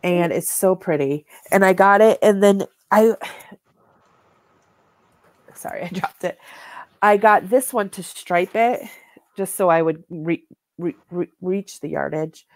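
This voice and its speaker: A woman's voice: on the low side, slow pace, pauses often, no room sound. A woman co-hosting a knitting show, chatting casually and showing yarn and fabric to the camera, rambling with many "like"s and "um"s.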